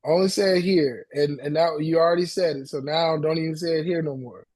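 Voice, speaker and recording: Guy life coach with a high voice, loose slangy talk, lots of repeats. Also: brisk. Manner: animated, repetitive, slangy, acts out voices. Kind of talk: casual coaching chat.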